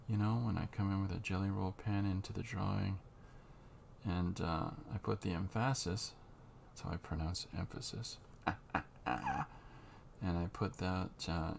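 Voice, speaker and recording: Deep-voiced guy with a gravelly edge, rambling slowly through his drawing steps, faint hiss behind. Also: darkish tone. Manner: unhurried, halting, muses as he works. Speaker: comic artist drawing on camera. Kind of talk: thinking-aloud drawing tutorial.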